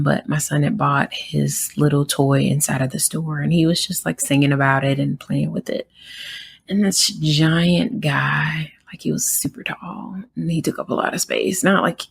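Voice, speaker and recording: A young woman with a Southern American accent, speaking low with a gravelly, husky edge. She talks casually, with plenty of fillers, as she tells an indignant story on her podcast. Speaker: podcast host.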